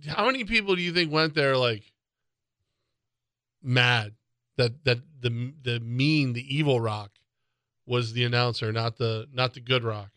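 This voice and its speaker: A man's voice: mid-range voice, measured pace, long pauses, a bit bright, clean tone, no room sound. A middle-aged man co-hosting a sports radio show, rambling and joking in casual talk.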